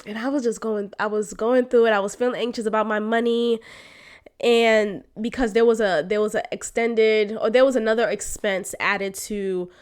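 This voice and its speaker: Young woman, podcast host, casual storytelling, candid, expressive, laughs a lot, slightly high voice. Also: normal speed, smooth. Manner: candid, expressive, laughs often, addresses listeners as y'all.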